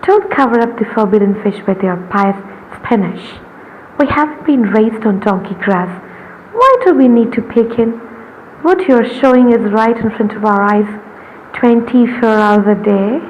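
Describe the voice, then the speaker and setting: A woman's voice: on the high side, measured pace, slight background noise, lightly acted. A woman voicing a bawdy elder wife of a household who teases, in a slightly muffled recording. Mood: teasing. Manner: teasing, bawdy.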